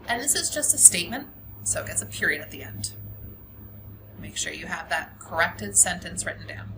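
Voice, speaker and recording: A woman's voice: mid-range voice, noisy background. A woman teacher giving a grammar lesson, explaining patiently step by step and repeating the key points.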